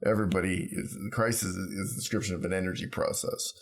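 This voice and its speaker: A man co-hosting a podcast, rambling through ideas in casual conversation and telling stories with lively acted-out quotes. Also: low voice, fast talker, gravelly. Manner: rambling, animated storyteller who acts out quotes. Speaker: podcast co-host.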